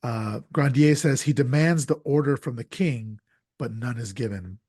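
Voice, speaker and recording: A man's voice: medium pitch, moderate pace, darkish tone, husky, dry recording, clean studio sound. A man hosting a casual podcast, recapping a film's plot with lots of ums and restarts. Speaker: podcast host. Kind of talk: casual podcast film discussion.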